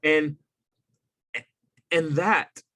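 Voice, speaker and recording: Earnest man with a bright voice. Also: a little high, fairly even intonation, drawn-out words, no room sound. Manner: earnest, thoughtful, repeats words when starting sentences. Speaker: podcast guest, adoptive parent. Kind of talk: reflective interview talk.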